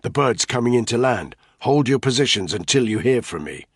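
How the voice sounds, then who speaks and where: A man's voice: medium pitch, expressive, fairly quick, slightly rough, no room sound, clean studio sound, pitched above the performer's own voice. A man voicing a tough special forces soldier who gives clipped radio orders. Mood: steady.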